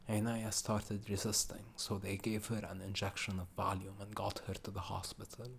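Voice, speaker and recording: A man's voice: lowish voice, flat delivery, normal speed, gravelly, few pauses, a bit bright, slightly rough. A man reading a novel aloud as an audiobook, voicing every character in much the same plain way. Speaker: audiobook reader.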